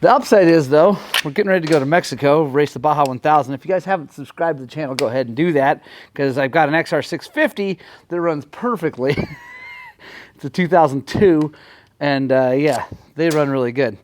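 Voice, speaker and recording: A man talking casually to the camera in his garage workshop, excitable and quick to swing between frustration and joy while working on a bike. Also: on the high side, a little hiss or hum. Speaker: motorcycle vlogger.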